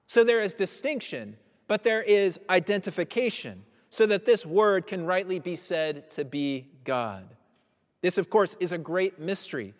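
High-voiced man preaching in a reverberant hall. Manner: measured teaching with slow emphatic phrases. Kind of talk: sermon.

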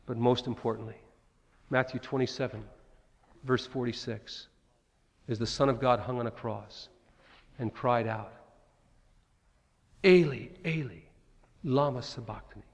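A man's voice: mid-range voice, flat delivery, unhurried, long pauses. A man preaching a sermon, dramatically acting out the cries of Bible figures. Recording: long hall reverb.

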